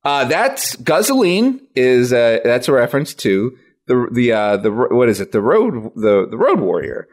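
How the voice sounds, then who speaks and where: A man co-hosting a comedy podcast, riffing in animated, ranting bits. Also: medium pitch, normal speed. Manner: animated, riffing, swings into silly voices and rants. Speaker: podcast co-host and guest. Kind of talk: casual comedic podcast banter.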